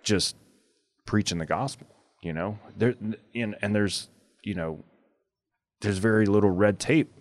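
A man's voice: on the low side, unhurried, long pauses, no room sound. A man hosting a podcast in casual chat, telling stories loosely with many filler words. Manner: rambling, full of filler words. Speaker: podcast host.

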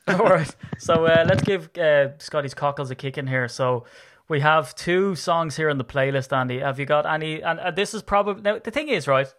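A man, hosting a casual sports podcast, chatty and quick to laugh. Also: on the high side. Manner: chatty, laughing, animated banter. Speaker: podcast host.

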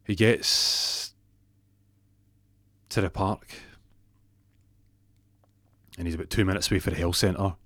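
A Scottish man spinning a comic yarn, his voice deep and low. He rambles, swears and trips over his own words, recorded dry and close. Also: steady tone, normal speed, a bit bright, no room sound. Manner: rambling, profane, self-interrupting. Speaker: storyteller. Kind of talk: comic storytelling.

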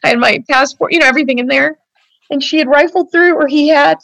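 A woman's voice: high voice, fast, gravelly, fairly bright tone, no room sound. A woman speaking as an interview guest, telling a personal account earnestly and at length, with many fillers, her voice turning tearful and strained when upset.

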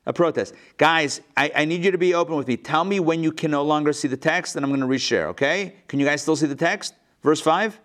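A man leads a live class as a rabbi, reading passages aloud and then retelling them in casual, modern words. His delivery is animated and playful, and he acts out the characters' lines. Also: fairly high pitch, brisk, hardly any pauses. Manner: lively, acts out the quotes with playful modern paraphrase. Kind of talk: live lesson, reading and explaining a text.

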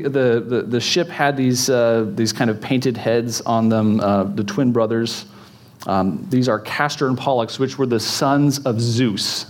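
A man preaching to a congregation in a church in a relaxed, chatty way. He jokes with the audience and stops to fill in with ums and restarts. His voice sits at an ordinary middle pitch for a man. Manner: chatty, joking, many fillers and restarts. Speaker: pastor. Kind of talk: casual sermon teaching.

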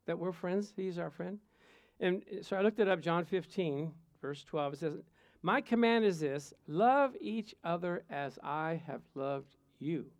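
A man's voice: a little high, lively intonation, unhurried, no echo. A man preaching a sermon, telling playful personal stories and chuckling between points. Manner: storytelling, playful, chuckles often. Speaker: pastor.

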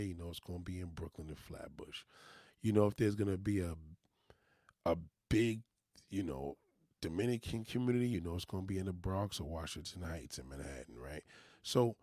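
This man, a vlogger from New York City, has a New York accent and a low-sitting, darkish voice. Recorded dry and in studio quality, he delivers a loose, cursing, meandering monologue to his viewers with motivational asides.

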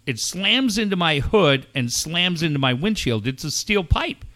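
Brief: middle-aged guy, bright lively voice, profane storyteller. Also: a little high, a little slow. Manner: animated, swears often, acts out quoted shouts. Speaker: show regular telling a story.

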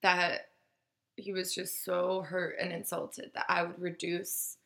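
A woman's voice: lowish voice, completely flat delivery, slow pace, creaky, a bit bright. A woman casually telling a story, acting out the quoted voices and swearing freely.

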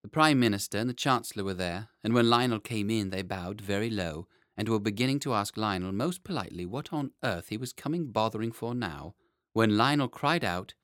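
A man narrating a children's story in an expressive, playful way. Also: fairly low pitch, a little fast, no room sound, studio quality. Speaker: audiobook narrator.

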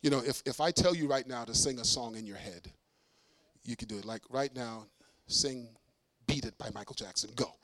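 A middle-aged man giving a sermon testimony as a preacher and singer, telling a story in a lively way, acting out dialogue with self-mocking humor. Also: mid-range voice, normal speed, dry recording.

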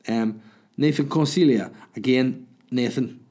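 A man's voice: medium pitch, measured pace, mellow. A man hosting his own podcast, chatting casually and answering listener questions. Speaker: podcast host and comedian. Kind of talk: casual solo podcast chat.

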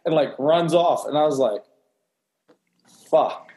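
A man's voice: a little high, slow pace, darkish tone. A young man, a bartender, recounting a bar story in casual chat, offhand and laughing, swearing freely. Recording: roomy echo.

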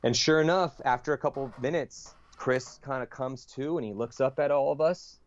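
A man's voice: medium pitch, moderate pace, lo-fi sound. A man, a podcast guest, telling a long story in a casual, rambling way, full of fillers, restarts and swearing.

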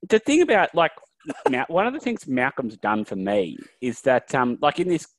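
A man's voice: mid-range voice, wildly swooping pitch, moderate pace, dry recording. A man co-hosting a podcast, enthusiastic and swearing in a casual chat. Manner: enthusiastic, swearing, lots of yeah. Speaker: podcast co-host.

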